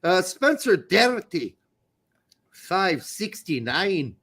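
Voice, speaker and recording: A man with a high, very lively voice co-hosting a loose sports podcast. He jokes constantly, swinging his pitch up and down, and drifts now and then into silly put-on voices. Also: slow, husky. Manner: joking, animated, bursts into silly voices. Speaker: podcast co-host. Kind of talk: casual banter.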